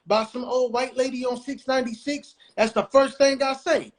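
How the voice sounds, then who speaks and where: A man's voice: extremely high pitch, fairly even intonation, moderate pace, background noise. A man hosting a podcast, chatting casually and animatedly in laid-back slang. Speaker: podcast host.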